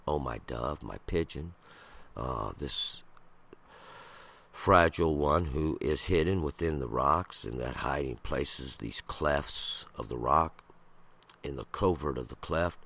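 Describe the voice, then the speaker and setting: A man with a very deep, gravelly voice reads scripture and then explains it. His delivery is slow and halting, with frequent pauses and restarts. The voice sounds husky rather than clear. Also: fairly bright tone. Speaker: Bible commentator. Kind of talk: scripture reading with commentary.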